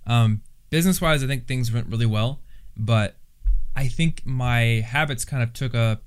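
A young man hosting a casual podcast, chatty and quick to laugh, with lots of fillers. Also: medium pitch, clear, resonant tone. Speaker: podcast host and YouTuber.

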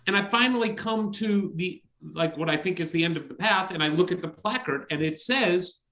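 A man guesting on a podcast, spinning a casual anecdote. His voice sits a little high and swings widely as he plays out his own reactions. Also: moderate pace, few pauses. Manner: animated, jumps pitch when quoting himself. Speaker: associate head coach, podcast guest. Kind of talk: casual storytelling.

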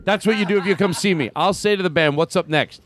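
A man's voice: high voice, quick pace, fairly bright tone, a little hiss or hum. A man hosting a comedy podcast, riffing loosely, restarting bits and directing the crew as he goes. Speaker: podcast host.

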